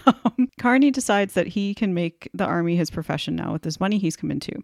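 Gravelly-voiced woman telling history stories. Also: fairly low pitch, animated, brisk, a little mellow, no room sound, clean studio sound. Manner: storytelling with jokes and self-deprecating asides. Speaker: podcast co-host. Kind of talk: casual history podcast chat.

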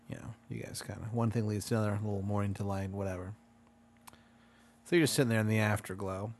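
Male podcast host, casual and teasing, murmurs low when setting up a spooky scenario. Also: steady tone, fast, slight background noise. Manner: spins a hypothetical, drops to a murmur when setting scenes.

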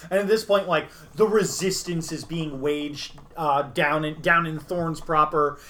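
A man's voice: on the high side, steady tone, a little slow, pushed and bright, slight background noise. Rambling young man recapping a game. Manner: rambling, many fillers and restarts. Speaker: podcast host recapping a game session. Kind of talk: casual storytelling recap.

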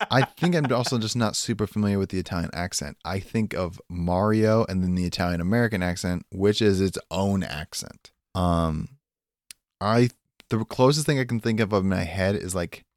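A man's voice: low-pitched, no room sound, studio quality. A young man co-hosting a film podcast, chatting in a laid-back way, saying "dude" and trailing off. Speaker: podcast co-host. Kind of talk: casual chat.

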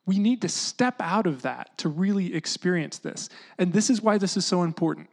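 A preacher giving a relaxed, conversational sermon at a middle pitch. The delivery is animated and chatty, with plenty of "like" and "you know". The voice sometimes drops low and hushed. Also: moderate pace, vocal fry. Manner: casual, animated teaching with lots of "like" and "you know"; often drops into a hushed voice to act out quotes.

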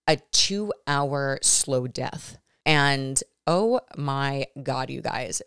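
A woman in her thirties with a low, deep-set voice hosts a podcast. She retells a frightening experience in an animated, emphatic monologue, stumbling over restarts and calling out to her listeners. The sound is dry and close, with no room around it. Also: vocal fry, no room sound. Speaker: podcast host. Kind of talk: storytelling monologue to viewers.

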